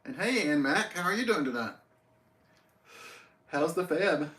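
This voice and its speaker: A man's voice: fairly high pitch, lively intonation, unhurried, fairly bright tone. A man with an East Tennessee accent hosting a casual livestream, greeting viewers by name. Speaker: livestream host. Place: outdoors by a tree. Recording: roomy echo.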